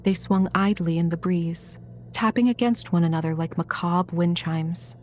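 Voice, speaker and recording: A woman reading a horror audiobook in a measured, scripted narration style. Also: lowish voice, fairly even intonation, a little hiss or hum.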